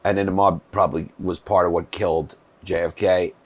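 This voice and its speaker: A man's voice: low-pitched, level tone, a little fast, slightly rough, dull audio. A male comedian in casual chat, telling stories in a laid-back, rambling way. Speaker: comedian guest. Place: small shed.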